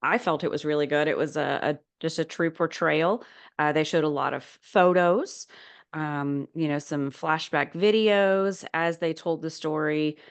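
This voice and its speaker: A woman's voice: deep voice, fairly even intonation, a little slow, smooth, no echo. Hesitant woman podcast co-host. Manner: hesitant, many ums and restarts. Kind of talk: casual chat.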